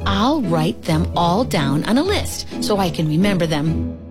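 A woman's voice: on the low side, big pitch swings, a little slow, music in the background. A woman voicing a fussy, anxious male toad who lives by his lists, in a storybook read-aloud. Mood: pleased. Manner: fretful, wailing when upset.

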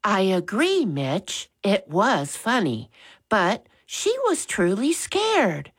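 A woman voicing a gentle, caring mother. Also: medium pitch, takes it slowly, slightly rough, exaggerated voice. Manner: calm, sympathetic. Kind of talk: storybook reading.

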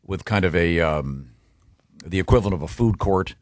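Male radio host, very deep voice, halting, rambling storyteller, dry close mic. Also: dry recording. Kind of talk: casual radio chat.

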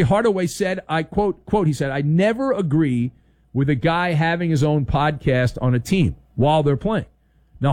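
A man's voice: high voice, darkish tone, no room sound. A middle-aged man hosting a sports talk show, giving sarcastic opinions and acting out little scenes in funny voices.

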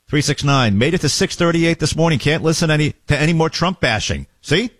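A man's voice: mid-range voice, fairly quick, hardly any pauses, no room sound. A man hosting a morning talk radio show, sarcastic and jokey, often mimicking the people he talks about.

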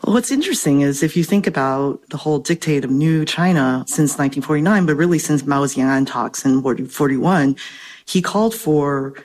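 A woman's voice: low voice, expressive, normal speed, a little mellow. A woman professor answering interview questions in an articulate, academic way, slightly out of breath. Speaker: professor and guest expert.

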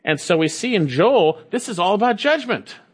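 A man preaching a sermon, reading scripture slowly and repeating key phrases with emphasis. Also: high-pitched, very animated, breathy edge. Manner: reads scripture slowly and deliberately. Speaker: pastor.

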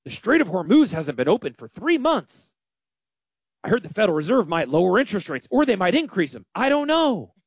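A man hosting a casual financial radio show, talking in an animated, joking and self-deprecating way. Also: high voice, a little fast, slightly rough, no room sound, clean studio sound. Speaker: financial advisor and radio host.

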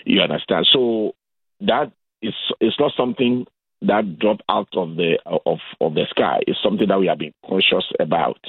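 A man from Ghana with a Ghanaian accent, calling in as a guest on a radio interview and explaining things in a measured way. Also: sits low, creaky, breathy edge, no echo. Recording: phone-line sound.

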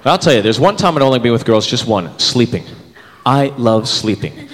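A man in his thirties performing a stand-up comedy set, animated and jumping into character voices. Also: mid-range voice, normal speed. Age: 30s. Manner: animated, switches into voices for bits. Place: comedy club stage with live audience. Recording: reverberant club, audience laughter, room noise.

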